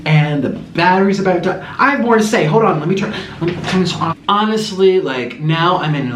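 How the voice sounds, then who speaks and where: A man rambles to his camera in a casual vlog, his voice sitting a bit high and leaping up and down in an animated way. The room around him is echoey. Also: normal speed, slight background noise. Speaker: vlogger.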